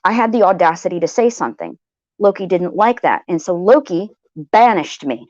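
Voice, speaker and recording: A woman's voice: fairly low pitch, big pitch swings, moderate pace, a little mellow, dry recording, lo-fi sound. A woman hosting a livestream tells a personal story in a heated, blunt way, swearing freely and repeating phrases to drive her point home. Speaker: livestream host. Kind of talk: venting personal story to viewers.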